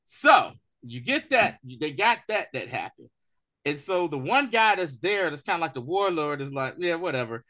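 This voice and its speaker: Animated high-voiced man recapping a show. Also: normal speed. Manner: animated storytelling, acts out quotes. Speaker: co-host of a TV review show. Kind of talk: casual recap chat.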